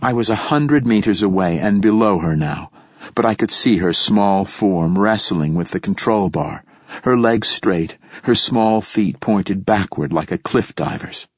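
A man narrating a story in the first person, in a steady, measured way. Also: fairly low pitch, breathy edge, dry recording. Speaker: audiobook narrator. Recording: dull lo-fi dry recording.

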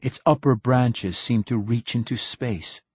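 Husky guy reading an audiobook real slow, low voice, dramatic. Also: no echo. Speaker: audiobook narrator. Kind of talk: scripted narration.

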